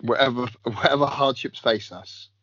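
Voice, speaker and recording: A husky-voiced man telling animated stories among friends, slipping into other people's voices. The recording is dry and dull, close to the mic. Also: mid-range voice, normal speed, no room sound. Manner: animated storyteller, acts out others. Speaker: podcast co-host. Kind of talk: casual banter.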